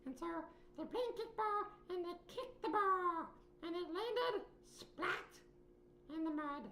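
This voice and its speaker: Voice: very high voice, animated, takes it slowly, bright, forceful tone, slight background noise, heavily acted. A performer voicing an earnest, chatty young boy puppet who rambles through stories with ums and sound effects. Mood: storytelling. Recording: roomy echo.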